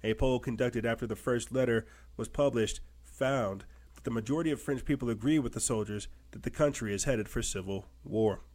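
A man's voice: medium pitch, brisk, a little mellow. A man with a mid-range voice hosts a commentary show, reading articles aloud. He punctuates them with pointed rhetorical questions. He drives his points home by repeating himself. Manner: emphatic, repetitive rhetorical questions.

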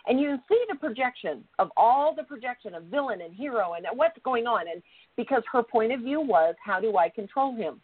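Animated woman telling a story, tinny line. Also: fairly high pitch, a little fast, husky. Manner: animated, acts out quoted voices. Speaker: co-host. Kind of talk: casual storytelling chat.

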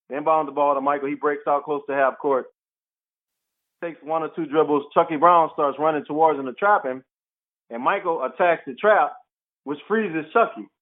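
A man with a fairly high voice tells lively stories from his playing days and acts out what people said to him. He comes through a tinny, phone-like line. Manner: animated storyteller, acts out quotes. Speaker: guest, former pro basketball player. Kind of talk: storytelling interview.

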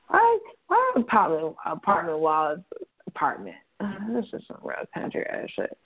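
A woman's voice: lowish voice, wildly swooping pitch, normal speed, husky. Profane young woman on a tinny line. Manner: profane, blunt, rambling with laughs. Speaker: call-in show host. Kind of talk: casual solo talk show. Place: apartment room.

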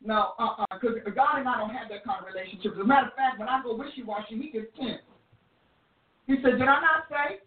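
Woman preacher, emphatic, kinda high voice, sounds far off in an echoey room. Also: fast. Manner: emphatic, preacherly, with repeated restarts. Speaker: preacher and prophetic teacher. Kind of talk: sermon-style teaching. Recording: roomy, distant, phone-like audio.

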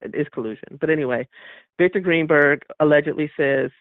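Phoning in to a radio program, this caller speaks fairly quickly in a slightly high voice, indignantly stressing his points and performing the lines he quotes. His call comes through a thin, tinny line, dry and echo-free.

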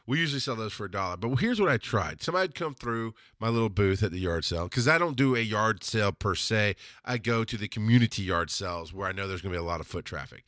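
A man's voice: fairly low pitch, lively intonation, fast, few pauses, a bit bright, dry recording, studio quality. A man hosting a podcast, talking casually and giving mentoring advice through personal stories. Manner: chatty and mentoring, tells stories and acts out customers. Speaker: podcast host.

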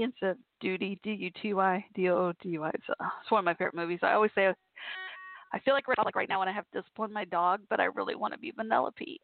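Bubbly female call-in host, mid pitch, rambles, laughs easily; thin telephone-quality audio. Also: fairly even intonation, fast, creaky. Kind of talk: casual chatty call-in show. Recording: tinny phone-like line.

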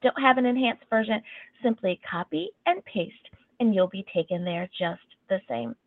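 A woman hosting an interview show, reading breaks and promos in a steady, measured way. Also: mid-range voice, no room sound. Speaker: talk show host. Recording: tinny phone line, dry.

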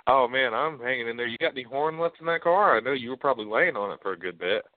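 A man's voice: mid-range voice, expressive, quick pace, no echo. Man, sports talk host, laid-back, opinionated, dry phone-line sound.

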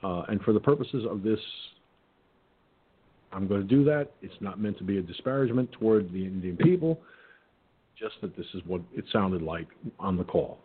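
A husky male talk radio host with a mid-range voice, blunt and profane as he tells his stories. The sound is squeezed into a narrow, phone-like band. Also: lowish voice, expressive, normal speed. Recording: phone-like line.

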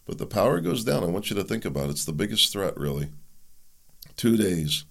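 A man's voice: on the low side, big pitch swings, fairly quick, creaky, fairly bright tone. A man hosting his own show, talking through a rambling, speculative solo commentary in a musing tone. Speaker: podcast host.

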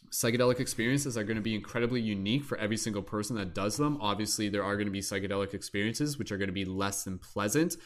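A man hosting a livestreamed talk show, speaking eagerly and at length, with lots of fillers. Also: fairly low pitch. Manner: rambling, eager, many fillers. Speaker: podcast host. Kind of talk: excited casual talk.

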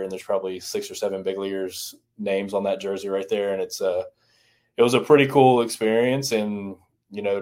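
A man's voice: fairly low pitch, a little mellow. A man from the American South, a former baseball strength coach, talking loosely in a podcast interview with lots of restarts. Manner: rambling, many restarts and "you know"s.

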